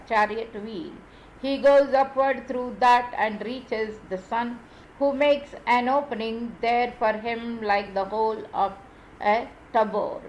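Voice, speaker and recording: A woman reading scripture aloud in a measured, deliberate way, with small slips and restarts. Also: fairly high pitch, a little hiss or hum, poor audio. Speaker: reader of scripture.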